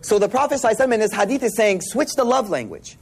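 A man from Buffalo giving a casual Islamic lesson, an animated storyteller mixing slang and Arabic terms. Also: high voice, racing, creaky, husky. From Buffalo, New York, US. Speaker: Islamic teacher.

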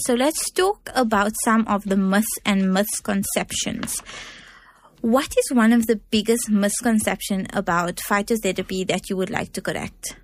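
A woman hosting an interview, asking clear, prepared questions in a scripted way. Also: mid-range voice, no echo. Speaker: interviewer host.

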